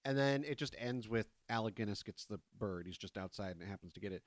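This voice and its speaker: A man co-hosting a film podcast in casual chat, recounting scenes in a relaxed, filler-heavy way. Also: fairly low pitch, brisk, no room sound, studio quality. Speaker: podcast co-host.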